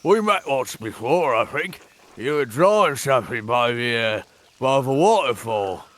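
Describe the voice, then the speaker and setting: A man's voice: medium pitch, animated, measured pace, natural voice. A man doing a chatty charcoal burner. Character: friendly male forest charcoal burner. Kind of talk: live voice-over of a game.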